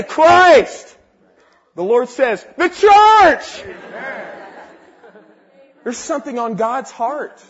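Casting: high-voiced young man, fervent sermon testimony, dull lo-fi recording. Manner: fervent, swings from quiet to exclaiming. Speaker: speaker giving a testimony.

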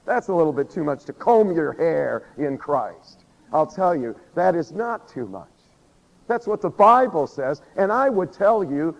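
A man preaching a sermon who acts out prayers and quotes with lively energy, laughing often and saying he is losing his voice. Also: on the high side, measured pace, creaky. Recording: dull recording with long hall reverb.

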